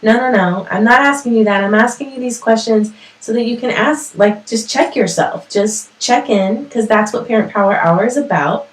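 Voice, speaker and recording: A woman's voice: on the high side, moderate pace, few pauses, recorded from a distance. A woman hosting a parenting talk show from her home, speaking to her viewers in a chatty, motivational way and laughing at herself. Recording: echoey room, voice set back from the mic.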